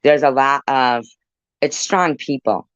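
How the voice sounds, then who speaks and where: A woman hosting a casual live stream, relaxed and chatty, filling her sentences with "like" and "you know" as she relays the chat. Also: extremely low pitch, slow pace, no room sound. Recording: dull, slightly lo-fi sound.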